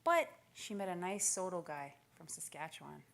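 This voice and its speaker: A woman in her forties giving a motivational keynote speech, telling stories with lively acted-out quotes. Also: lowish voice, moderate pace, creaky. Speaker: keynote speaker. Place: conference stage.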